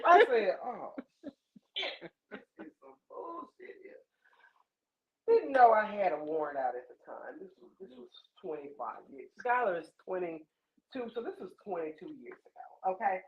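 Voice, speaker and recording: A woman from Louisiana hosting a podcast, telling a wild story in a profane, animated way and acting out the voices. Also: fairly high pitch, moderate pace. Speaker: podcast host. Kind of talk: casual storytelling chat. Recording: echoey dull lo-fi room.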